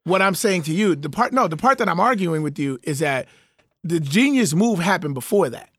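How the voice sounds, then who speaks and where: Fast-talking, emphatic man. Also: on the high side, expressive, fairly bright tone, husky, dry recording, studio quality. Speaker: sports talk co-host. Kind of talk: casual sports debate.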